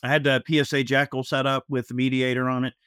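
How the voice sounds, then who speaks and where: A man co-hosting a casual panel show, explaining things at length in a measured, steady manner, padded with fillers. His voice sits at a middle pitch. The sound is dry and close to the mic. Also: smooth, no echo. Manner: measured, drawn out with many "uh" and "you know". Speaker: podcast co-host.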